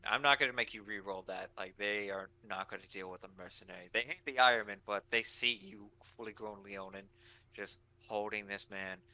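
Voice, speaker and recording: A man's voice: sits low, vocal fry, bright, forceful tone. A man narrating as dungeon master in a casual tabletop game, talking loosely with many fillers.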